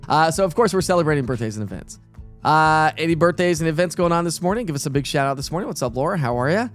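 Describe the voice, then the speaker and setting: A middle-aged man with a drawl hosts a relaxed morning weather stream. He chats easily and calls out to his viewers one by one. His voice sits a little high, and soft music plays underneath. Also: quick pace. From East Tennessee. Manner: chatty, greets viewers by name. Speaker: weather forecaster hosting a live morning stream. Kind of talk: casual live-stream weather chat.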